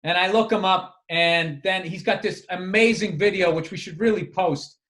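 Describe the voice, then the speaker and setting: A man with a fairly high voice, talking loosely on a podcast mic. He circles around his point with restarts and casual swearing. He sounds relaxed and conversational. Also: normal speed. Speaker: comedian and podcast co-host. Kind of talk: casual chat.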